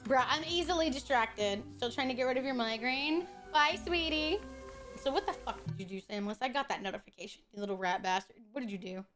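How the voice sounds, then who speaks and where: A woman's voice: a little high, animated, a little fast, fairly bright tone. A woman streaming a video game, chatting casually with her viewers, playful and teasing, swearing often. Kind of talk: casual gameplay stream chat. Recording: game music behind.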